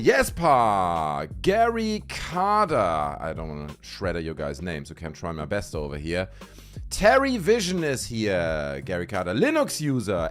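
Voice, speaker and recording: A man's voice: fairly low pitch, a bit bright. A man with a German accent hosting a live stream, a theatrical, playful showman. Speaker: livestream host. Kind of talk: hyped live-stream chat.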